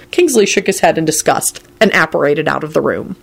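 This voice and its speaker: A woman narrating a story aloud in a calm, measured way. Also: deep voice, creaky, breathy edge. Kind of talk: storybook reading.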